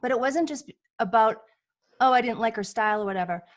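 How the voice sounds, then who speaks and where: A woman with a fairly high voice tells personal stories in relaxed conversation. She is lively and acts out the lines she quotes. She speaks as a healer who is a guest on a talk show. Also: a little fast. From United States. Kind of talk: casual storytelling chat.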